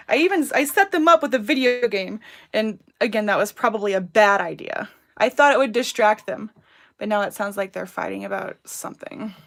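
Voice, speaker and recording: This is casual livestream chatter from a crafter in her thirties, broadcasting from home, who rambles happily and calls out viewer names and comments mid-project. She has a gravelly, mid-range voice.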